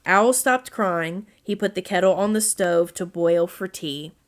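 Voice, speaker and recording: A woman reading a children's storybook aloud as narrator, in a gentle read-aloud manner. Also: fairly low pitch, measured pace.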